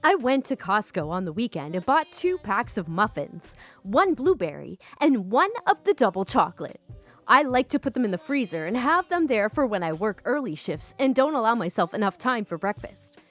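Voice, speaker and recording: A young woman hosting a storytime channel, reading online stories aloud and commenting in a giggly, animated, casually sweary way. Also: on the high side, moderate pace. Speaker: storytime YouTube host. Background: faint background music.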